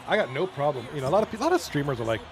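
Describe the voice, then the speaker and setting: A man's voice: a little high, sing-song, rapid-fire, a crowd in the background. Chatty man calling esports hockey. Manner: loose, chatty, swears, clears throat often. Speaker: league stream commentator. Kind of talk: casual esports commentary reading chat.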